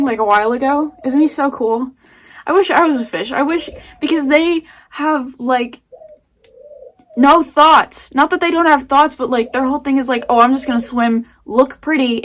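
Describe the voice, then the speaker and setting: A woman vlogging an emotional casual rant from home, rambling and swinging between muttering and loud outbursts. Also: high voice, moderate pace.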